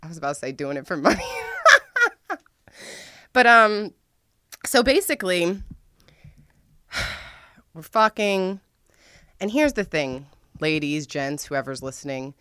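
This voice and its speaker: A woman's voice: deep voice, expressive, slow, long pauses, a bit bright, clear, resonant tone, no room sound, studio quality. A young adult woman telling a frank, profane story to her listeners, laughing often as she talks. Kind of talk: candid storytime monologue.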